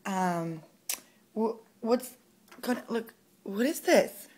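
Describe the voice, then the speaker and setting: A woman's voice: a little high, animated, takes it slowly, darkish tone. A pregnant mother filming at home, coaxing her toddler with sing-song, encouraging questions.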